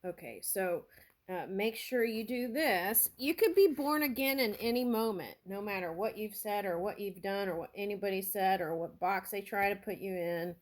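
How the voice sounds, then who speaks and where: A woman giving a spiritual tarot reading, talking slowly and earnestly and thinking aloud as she goes. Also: medium pitch. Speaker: tarot reader.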